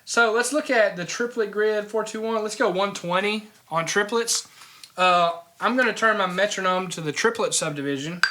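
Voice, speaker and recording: Bright-voiced drum teacher, man. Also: high voice. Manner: relaxed, checks in often with "okay?". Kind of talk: casual instructional talk.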